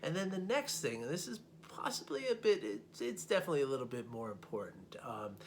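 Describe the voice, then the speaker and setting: A man's voice: mid-range voice, big pitch swings, a little fast, a little hiss or hum. A man working as a life coach who talks to listeners in a casual teaching manner, often checking in with "right?" and repeating words as he goes.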